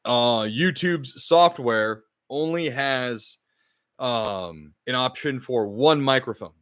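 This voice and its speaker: Frustrated swearing podcast host, dry sound. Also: male voice, mid-range voice, takes it slowly, fairly bright tone, clean tone, dry recording. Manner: frustrated, swears often, talks to the live chat. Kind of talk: casual streamed podcast chat. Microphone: podcast microphone.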